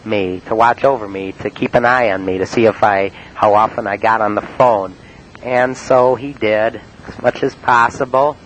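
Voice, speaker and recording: A man in a spoken-word monologue, recounting his prank calls in a halting, matter-of-fact way with many uhs and ums. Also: mid-range voice, a little hiss or hum, low-quality recording. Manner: halting, full of uh and um.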